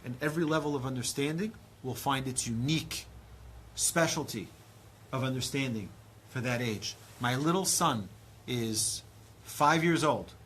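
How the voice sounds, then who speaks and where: A man in his thirties, a rabbi giving a lively Torah lecture, acting out dialogue with big swings in pitch and loudness. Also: a little hiss or hum. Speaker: rabbi teaching a class.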